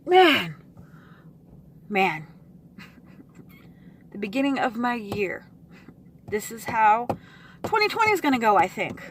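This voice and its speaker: A woman vlogger venting to her camera, frustrated and swearing, with sighs and pauses. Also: a little high, a bit bright, a little hiss or hum.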